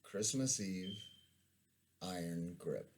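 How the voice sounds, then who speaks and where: A man in his forties, an army veteran, reading his war memoir aloud in a slow, measured storytelling manner. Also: deep voice.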